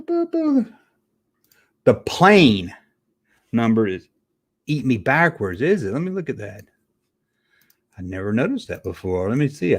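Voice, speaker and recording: Man, live-stream host, animated sing-song delivery, rambling, casual swearing, stammered restarts. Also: medium pitch. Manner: rambling, reminiscing, reacting to chat, casual swearing.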